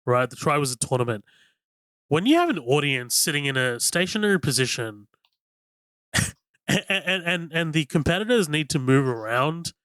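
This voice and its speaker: A man chats through a movie on a podcast, bubbling with enthusiasm and padding every thought with "like" and the odd curse. His voice is bright and forward. It is recorded dry on a close microphone. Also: a little high, expressive, moderate pace, dry recording. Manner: rambling and enthusiastic, heavy on "like" and swearing. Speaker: podcast co-host. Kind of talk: casual film-review chat.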